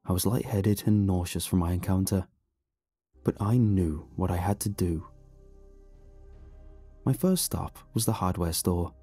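Male horror narrator, very low voice, husky, dark tone, hushed brooding read, soft music underneath. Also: unhurried, pauses often, dry recording.

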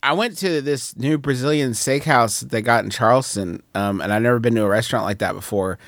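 A man's voice: mid-range voice, a little fast, a bit bright, dry recording, studio quality. A man co-hosting a comedy podcast, telling a restaurant mishap story with mock indignation. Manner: indignant, storytelling, rising to outrage. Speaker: podcast co-host. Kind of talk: comedic casual chat.

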